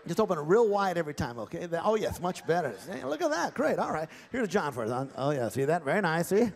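A man's voice: fairly high pitch, big pitch swings, fast, creaky, in a large hall. A male ventriloquist on a large theatre stage, doing genial live comedy patter and teasing audience volunteers.

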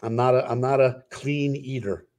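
A man with a South Jersey accent speaks as a comedian guest in a casual interview. He talks in an earnest, halting way, full of fillers and restarts. His voice sits in an ordinary middle range. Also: mid-range voice, steady tone, a little mellow.

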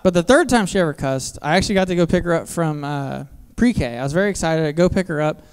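A man in his thirties performing stand-up on a comedy theater stage, his voice smooth and clear through a handheld mic. He sits a little high for a man and tells filthy family stories in a flat, self-mocking way. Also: fast. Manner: crude, deadpan storytelling with self-mocking asides.

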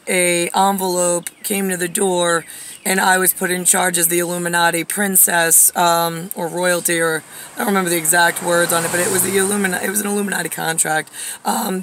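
Speaking in a lowish, slightly bright voice over slight background noise, a vlogger in her forties addresses the camera directly. She digresses through a rambling personal monologue full of fillers, growing heated until she swears.

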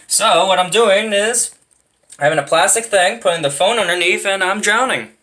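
A man's voice: high voice, normal speed, pushed and bright. A young man talking casually while filming bloopers, swearing a lot and laughing at his own mistakes. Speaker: video creator.

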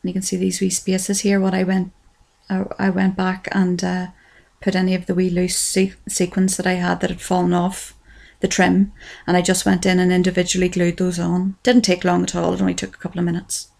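A woman's voice: fairly low pitch, completely flat delivery, brisk, vocal fry, darkish tone. An Irish woman giving a chatty, self-deprecating voice-over for a crafts tutorial, often saying "wee". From Ireland.

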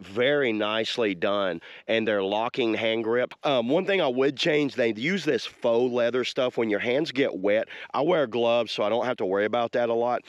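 A man's voice: fairly low pitch, dry recording. A man giving a casual, folksy walkthrough of an e-bike outdoors by a lake, talking to viewers as y'all. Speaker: e-bike reviewer.

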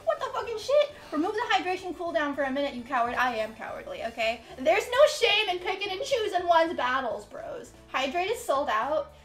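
A high-voiced woman streams from her room, swearing freely and playing up her suffering for laughs as she reads chat and answers viewers. Her voice rings in a roomy, echoey space, with faint music under it. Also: animated, brisk, hardly any pauses, fairly bright tone. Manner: profane, melodramatic comic complaining. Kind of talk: casual live-stream chat with chat readouts. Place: her upstairs room at home.

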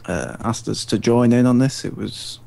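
A man appearing as a guest in a live Q&A, explaining things in a relaxed, easygoing way. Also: mid-range voice, moderate pace, vocal fry. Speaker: guest, forum representative. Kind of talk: casual live Q&A chat.

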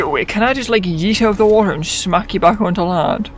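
A young man giving goofy, excitable let's-play commentary, swearing freely and chatting to the characters on screen. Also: high voice, brisk, few pauses, soft background music. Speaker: gamer.

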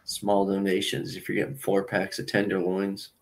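Low-voiced guy, dry sarcastic remarks over a video. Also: completely flat delivery, moderate pace, vocal fry. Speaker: commentator reacting to a video. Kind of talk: sarcastic commentary chat.

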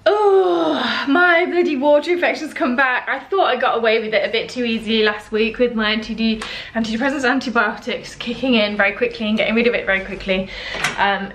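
Young woman, vlogger, talking straight to camera: chatty, expressive, a little exasperated, fairly high voice, faint hiss behind. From United Kingdom. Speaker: lifestyle vlogger. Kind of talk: casual vlog to camera.

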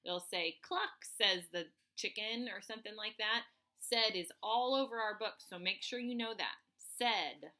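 A woman teaching first grade remotely, spelling sight words out slowly, letter by letter, to children. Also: medium pitch, sharp tone. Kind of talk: remote phonics lesson for children.

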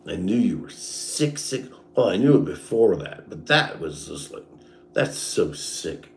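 A man's voice: low voice, big pitch swings, moderate pace, noisy background. A man in a bitter, profane rant, talking straight at someone who is not there. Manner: profane, bitter, speaks straight at an absent person. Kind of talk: angry personal rant. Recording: echoey room.

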